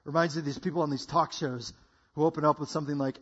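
A man preaching a lively sermon to a congregation, acting out voices and laughing between lines. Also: on the high side, quick pace, slightly rough, highs cut off. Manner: animated, acts out voices, laughs often. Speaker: guest preacher. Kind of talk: energetic sermon.

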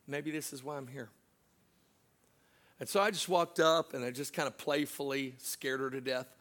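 A middle-aged man, a pastor, preaching a sermon through a personal story, swinging from loud laughing asides to hushed, slow moments. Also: medium pitch, steady tone, slight background noise.

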